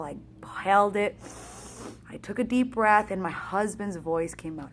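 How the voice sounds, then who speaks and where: A woman fitness coach telling a race story in a casual, energetic, chatty way, acting out the back-and-forth. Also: fairly low pitch, unhurried, slight background noise.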